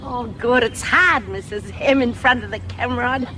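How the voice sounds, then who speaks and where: A woman's voice: a little high, normal speed. An actress playing a cranky, blunt older woman prisoner with a broad Australian drawl, in an old TV drama. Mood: chirpy. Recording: old TV audio with steady hiss.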